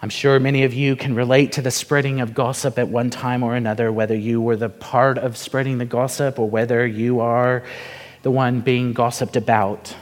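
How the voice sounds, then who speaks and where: A man's voice: medium pitch, little pitch movement, normal speed. Man preaching in a reverberant hall. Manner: conversational preaching with rhetorical questions. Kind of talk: sermon with storytelling.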